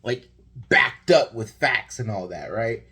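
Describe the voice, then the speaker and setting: Husky-voiced exasperated basketball vlogger man. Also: medium pitch, lively intonation, slow, sharp tone. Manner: rambling, exasperated storytelling. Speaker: sports vlogger. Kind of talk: casual basketball game recap.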